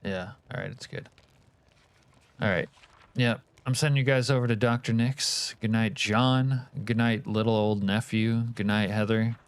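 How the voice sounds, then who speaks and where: Streamer type, male, low smooth voice, dry close sound, swears freely, bantering with chat. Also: unhurried, no room sound. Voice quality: profane, joking banter. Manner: reads and answers live chat. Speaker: livestream host. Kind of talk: casual chat with viewers.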